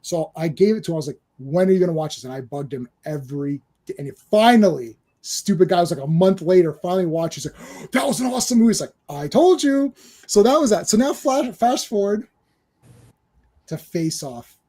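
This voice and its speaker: Warm, fairly high-pitched and a little fast with lively intonation, a forties-aged man hosts a movie podcast through a live-stream microphone. His casual storytelling is high-energy, full of acted-out quotes, swearing and restarted sentences.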